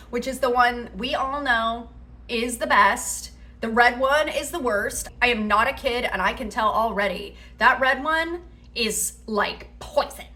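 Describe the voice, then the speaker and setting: A woman's voice: on the high side, bright, forceful tone. A woman hosting a reaction commentary on internet drama, sarcastic and dramatic as she mimics others. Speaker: commentary host.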